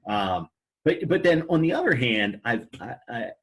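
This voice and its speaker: A man's voice: medium pitch, big pitch swings, normal speed, fairly bright tone, breathy edge. A man chatting as a podcast guest, telling work stories with frequent stammers and restarts. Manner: stammers and restarts, quotes customers. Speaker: podcast guest, movie theater manager. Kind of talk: casual storytelling chat. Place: podcast recording.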